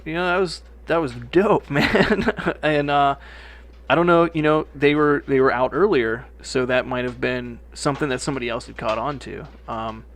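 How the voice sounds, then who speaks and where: A young man co-hosting a podcast in easy, profane casual chat. He tells stories with animated put-on quotes and laughs often. His voice sits at an ordinary middle pitch. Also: moderate pace. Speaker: podcast co-host.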